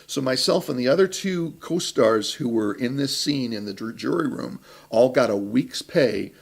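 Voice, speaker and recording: Creaky-voiced man telling a rambling story. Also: mid-range voice, expressive, normal speed. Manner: rambling storyteller, many fillers and restarts. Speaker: talk show co-host, actor. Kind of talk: casual anecdotal chat.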